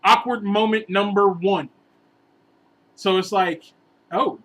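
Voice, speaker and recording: A man telling a long, rambling relationship story in a casual vlog, animated and sometimes bursting into exasperated outbursts. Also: sits high, slow, poor audio. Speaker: vlogger giving relationship advice.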